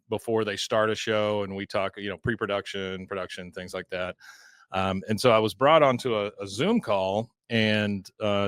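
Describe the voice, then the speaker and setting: A man hosting a podcast, telling stories in a casual, animated way with lots of fillers. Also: on the low side, clear, resonant tone, no room sound. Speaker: podcast host.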